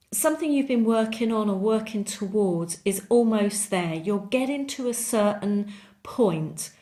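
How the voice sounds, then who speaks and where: A woman's voice: medium pitch, darkish tone. A woman giving a monthly tarot reading, chatty and encouraging, repeating words for emphasis. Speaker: tarot reader.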